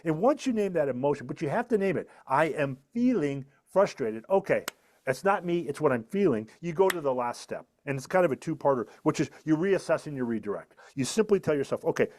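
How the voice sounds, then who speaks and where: A man's voice: on the high side, very animated, fast talker, darkish tone. A middle-aged man, an author and speaker, earnestly explaining a method in a podcast interview, repeating his key points for emphasis. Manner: earnest, emphatic teaching tone with repetitions.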